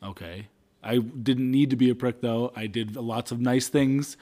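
Chill guy on a couple podcast, calm and measured, laughs a lot. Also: medium pitch. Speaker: podcast co-host. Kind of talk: casual couple podcast chat.

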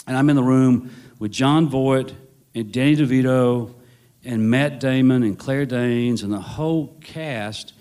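Full of restarts and self-corrections, a guest novelist's rambling story carries a wry humor. His voice is mid-range with a darkish tone.

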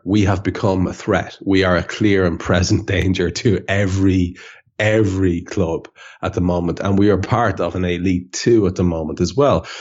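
Man, podcast host, storytelling, steers the talk, low voice, muffled recording. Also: darkish tone. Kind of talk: casual football chat.

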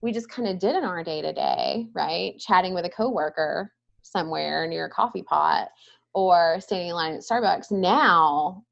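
A woman's voice: lowish voice, normal speed, vocal fry. Thoughtful thirties woman, muffled sound. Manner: thoughtful, often ends points with a questioning "right?". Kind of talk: casual conversation.

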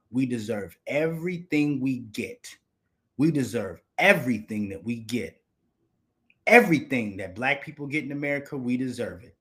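A man's voice: mid-range voice, fairly bright tone. Male host, angry commentary rant, profane and repetitive. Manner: heated, profane, repetitive outbursts.

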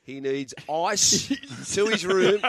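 A man's voice: high voice, slow pace, no echo, studio quality. An Australian man on a sports radio show, telling a prank story with plenty of laughter. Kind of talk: casual radio banter, storytelling.

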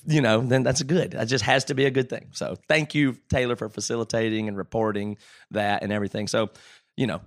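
A man's voice: medium pitch, gravelly. A man hosting a podcast in casual chat, emphatic and restarting his sentences when he gets worked up. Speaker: podcast host.

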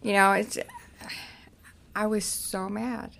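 A woman from Cincinnati, a podcast guest, frankly and haltingly recounting her own past with many restarts. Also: medium pitch, little pitch movement, vocal fry, fairly bright tone, slight background noise. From Cincinnati, United States. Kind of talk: candid personal storytelling.

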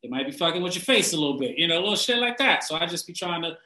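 A man with a bright, fairly high voice rants bluntly about diet and the people who preach it, swearing in every breath. He laughs often and gets animated when he mocks someone. The room around him is echoey. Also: racing. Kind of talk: casual profane rant.

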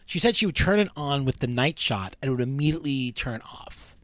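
A man's voice: mid-range voice, lively intonation, brisk, fairly bright tone, no room sound. Rambling man co-hosting a podcast. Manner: rambling, with frequent restarts and fillers. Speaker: podcast co-host. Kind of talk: casual chat, storytelling.

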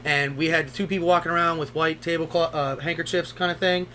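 A young man co-hosting a podcast tells stories in casual chat, loose and profane, laughing along the way. His voice is fairly high and pushed, bright, with fairly even intonation and a slightly fast pace, and a little hiss or hum can be heard.

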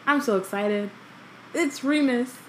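This young woman's voice sits on the high side, and she reads at a measured pace with slight background noise behind her. Co-hosting a casual book podcast, she reads a novel aloud and chattily breaks away into jokes laced with ums.

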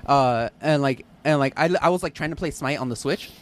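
A man's voice: medium pitch, brisk, clean tone. A man co-hosting a casual podcast, rambling with many fillers. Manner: rambling, filler-heavy, agreeable. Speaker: podcast co-host.

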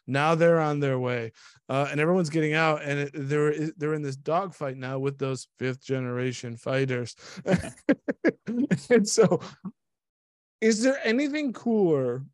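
A man in casual conversation about a film, excited, laughing often and trailing off mid-sentence. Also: a little high, measured pace, no room sound, clean studio sound. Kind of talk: casual movie review chat.

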